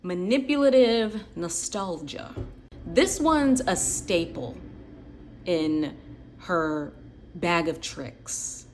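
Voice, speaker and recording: A woman's voice: fairly low pitch, lively intonation, extremely slow, a little hiss or hum. A woman in her late twenties, hosting a channel and telling personal stories in a reflective, conversational way with lots of "like" and "um.". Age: late 20s. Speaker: channel host. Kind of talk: personal storytelling commentary.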